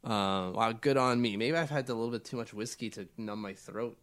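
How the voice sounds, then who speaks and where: A man's voice: lowish voice, a little fast, a bit bright. A man co-hosting a casual sports podcast, getting over a cold and talking in rambling, stammering restarts. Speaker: podcast co-host.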